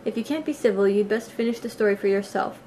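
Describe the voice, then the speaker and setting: A woman voicing a sleepy, touchy male dormouse who tells a story in a drowsy, slow way. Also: medium pitch, warm tone, slight background noise, lightly acted, low-quality recording.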